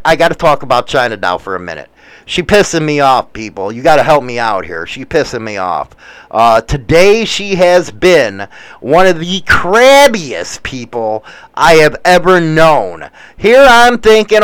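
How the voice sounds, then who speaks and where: A man's voice: on the high side, clear, resonant tone, dry recording. A man hosting a casual live show, reading news items and rambling with profane, wisecracking asides.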